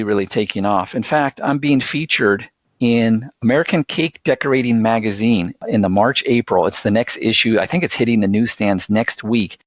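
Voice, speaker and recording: A man's voice: medium pitch, no room sound. A man being interviewed about live streaming, telling earnest, enthusiastic anecdotes in a conversational way. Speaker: guest, live streaming expert. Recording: dull, dry lo-fi sound.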